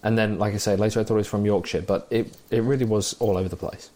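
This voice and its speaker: A man's voice: lowish voice, steady tone, fast talker, dark tone. A man chatting casually and enthusiastically about the small details he loved in a film. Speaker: podcast co-host.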